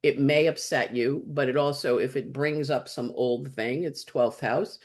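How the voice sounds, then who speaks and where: A woman's voice: extremely low pitch, unhurried. A woman astrologer, a guest on the show, telling a story in loose conversation. She talks bluntly, swears without hesitation and acts out the lines of everyone she quotes. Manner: lively, blunt and chatty, acting out quoted dialogue and swearing freely.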